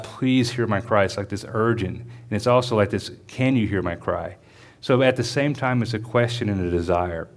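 A man preaching a sermon in a church as the pastor, reading scripture slowly and then explaining it in a conversational way. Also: medium pitch.

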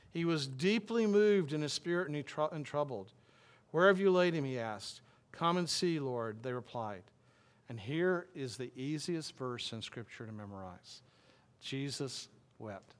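A male pastor preaching a sermon in a conversational way, reading scripture slowly and explaining it with frequent restarts. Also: on the high side. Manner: reads scripture aloud slowly, then explains it plainly.

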